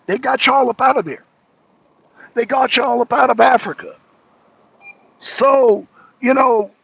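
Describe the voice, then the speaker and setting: Brief: American male talk show host, very high gravelly voice, dry close mic, heated repetitive political rant. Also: no room sound, dull audio. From United States. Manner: profane, repetitive, raising his voice. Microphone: streaming microphone.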